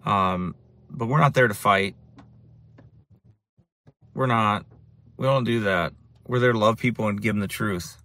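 Bright-voiced man recounting preaching encounters. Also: fairly low pitch, a little slow, pauses often. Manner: repetitive, restarts phrases for emphasis. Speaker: street preacher. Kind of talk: casual storytelling monologue.

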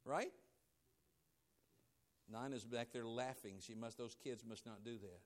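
Preaching a little slowly, this male pastor alternates between forceful, loud declarations and hushed, low asides. He also performs the voices of those he quotes.

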